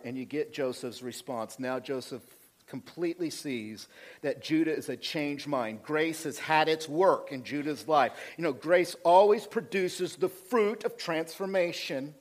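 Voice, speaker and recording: A senior pastor, a man with a somewhat high voice, preaches his sermon. He retells the scriptures in a lively, chatty way, swinging from forceful to hushed. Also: unhurried. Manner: retells scripture in an animated, conversational way, swinging between loud and soft.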